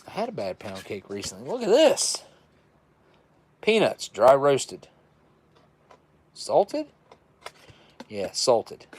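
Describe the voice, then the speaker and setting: A man's voice: medium pitch, wildly swooping pitch, slow pace, pauses often, breathy edge. A man hosting a casual livestream, reviewing old military rations and chatting with viewers in a folksy, self-described redneck way.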